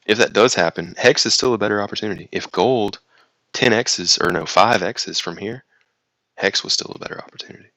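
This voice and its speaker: A man's voice: lowish voice, fairly quick, sharp tone, no echo, poor audio. A man with a slight Southern US accent who hosts a casual stream, reading viewer comments aloud and rambling through his reactions. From United States. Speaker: livestream host reading chat. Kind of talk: casual chat.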